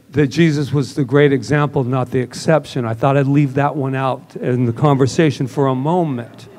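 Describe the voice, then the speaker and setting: A man delivers a relaxed, conversational sermon, mixing stories with acted-out bits of dialogue. His voice sits at a middling pitch, and his tone stays chatty rather than formal. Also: moderate pace, few pauses. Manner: casual and chatty, acts out quoted dialogue. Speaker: minister. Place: church service.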